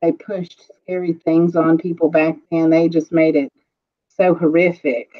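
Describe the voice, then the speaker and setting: A woman hosting a casual online jewelry sale, chatty and quick to laugh, describing items with lots of fillers. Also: low-pitched, little pitch movement. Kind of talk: casual livestream chat. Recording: dull lo-fi livestream audio.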